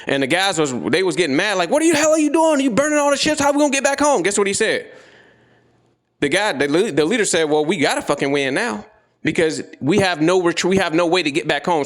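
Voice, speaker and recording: Blunt, profane man on a motivational rant. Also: a little high. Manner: blunt, profane, repetitive, confrontational. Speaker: trading educator.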